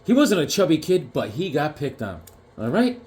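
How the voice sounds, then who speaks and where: A man's voice: fairly high pitch, very animated, normal speed, a little mellow, slight background noise. A man showing off his comic collection in a casual vlog, rambling through stories and landing joke punchlines. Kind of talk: casual show-and-tell with jokes.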